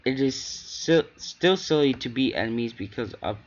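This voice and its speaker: A man's voice: mid-range voice, lively intonation, normal speed, close to an everyday voice. A man reading the lines of a serious, studious young schoolgirl in a game, matter-of-fact and blunt, on a dull lo-fi recording. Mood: earnest.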